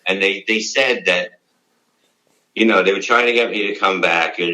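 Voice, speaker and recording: Middle-aged New comedian, very low and forceful voice, blunt and profane, rambling interview storyteller. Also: male voice, fairly even intonation, normal speed, pauses often, poor audio. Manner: blunt, profane, rambling with many "you know"s. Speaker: comedian guest.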